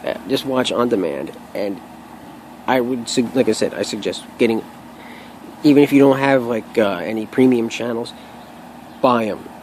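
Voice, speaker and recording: A man's voice: medium pitch, moderate pace, pauses often, a little mellow, a little hiss or hum, poor audio. A young man talking casually to camera at home, rambling and restarting often, swearing freely as he shares his own story. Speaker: vlogger sharing his own experience. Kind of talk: casual unscripted monologue to camera.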